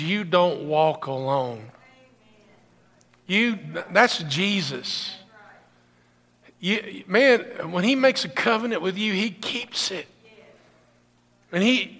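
A man preaching a sermon as pastor, building into impassioned, loud, high-pitched stretches. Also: vocal fry, big-room sound.

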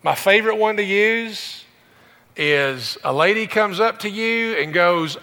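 A male pastor delivers a sermon in a bright, forceful voice, pitched a little above the usual for a man. He keeps it conversational, tossing joking asides to the congregation. The sound carries a long reverb from a big church room. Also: a little slow.

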